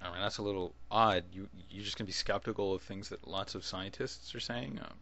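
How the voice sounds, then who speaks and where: Speaking a little fast in a fairly low, fairly even voice with a bright, forceful tone, this video blogger gives a casual video response. His talk wanders as he cuts himself off, starts sentences over, and chuckles along the way.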